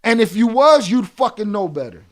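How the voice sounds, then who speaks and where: A man's voice: sits high, very animated, moderate pace. A man, streaming and heatedly berating a viewer in chat, swearing hard. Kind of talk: angry livestream rant.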